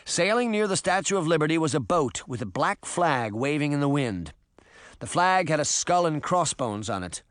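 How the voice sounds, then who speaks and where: A man narrating an audiobook in an expressive storytelling manner. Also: on the high side, moderate pace, no room sound, clean studio sound. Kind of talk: scripted narration.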